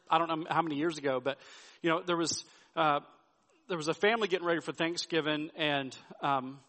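A man's voice: a little high, fairly bright tone. A male pastor preaching a sermon, telling stories with folksy asides and frequent restarts. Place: church sanctuary. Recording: sermon with long hall reverb.

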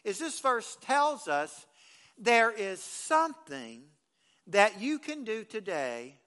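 A man's voice: high voice, sing-song, slow, sharp tone. A man pastor delivering a folksy, conversational sermon, often restarting phrases as he speaks.

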